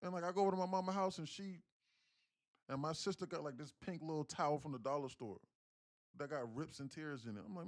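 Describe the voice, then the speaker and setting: A young man day-trading on a livestream, chatting casually and profanely with viewers, telling stories loudly and excitedly. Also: on the high side, fast. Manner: profane, animated storytelling, gets loud and excited.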